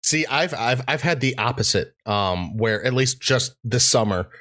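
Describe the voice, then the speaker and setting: A man's voice: medium pitch, expressive, moderate pace, a bit bright. Rambling casual man on a podcast. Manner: rambling, with frequent fillers and restarts. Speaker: podcast co-host. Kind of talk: casual chat.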